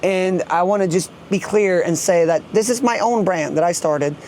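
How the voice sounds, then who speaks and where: A man's voice: sits high, moderate pace, darkish tone, a little hiss or hum. A man vlogging as a truck driver, chatting loosely and rambling with lots of fillers, filmed on a handheld camera by his truck and in the cab. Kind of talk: casual vlog walkthrough. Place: outdoors beside a truck, then in the cab.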